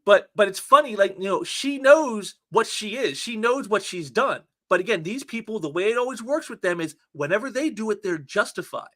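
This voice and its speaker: A man talks through online posts in a casual commentary, sneering and sarcastic, stumbling into repeated words. His voice sits very high and bright. His pitch swoops up and down in a lively way. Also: normal speed, few pauses. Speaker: commentary channel host.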